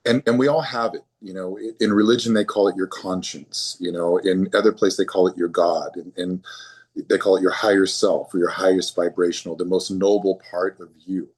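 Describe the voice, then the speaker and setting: A man's voice: low voice, fairly even intonation, brisk, a little mellow, breathy edge. A man speaking as a physician guest in an interview, earnest and often repeating words as he starts a thought. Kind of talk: conversational interview.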